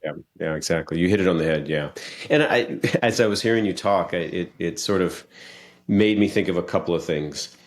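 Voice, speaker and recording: Low male podcast guest, earnest coaching tone, casual and repetitive. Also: a little fast. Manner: earnest, coaching men directly, frequent restarts.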